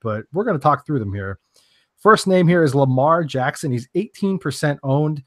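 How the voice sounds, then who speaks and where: A man's voice: on the high side, animated, moderate pace, fairly bright tone, dry recording. Joking male podcast host, dry sound. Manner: steers the talk, joking, loose and rambling. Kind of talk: casual podcast chat.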